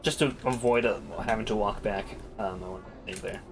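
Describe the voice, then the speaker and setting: A man's voice: lowish voice, steady tone, a little fast, slight background noise. A man streaming a video game, chatting casually, thinking aloud, swearing freely and reading on-screen text aloud.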